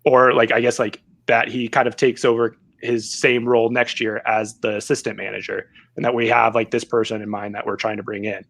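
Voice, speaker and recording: A man of middle pitch on a football podcast, thinking aloud. He hedges and restarts, circling his point before landing it. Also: little pitch movement, brisk, creaky, few pauses, a bit bright, no room sound. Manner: hesitant, many likes and restarts, reasoning aloud. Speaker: podcast co-host. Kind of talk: casual chat.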